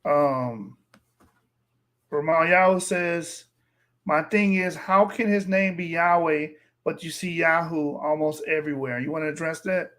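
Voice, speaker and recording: A man with a slightly raised voice hosts in a loose, joking manner, reading comments aloud and teasing the people who wrote them. He sounds relaxed and unhurried. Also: on the high side. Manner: relaxed, joking, reads out chat. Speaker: host. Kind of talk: casual podcast, reading viewer comments.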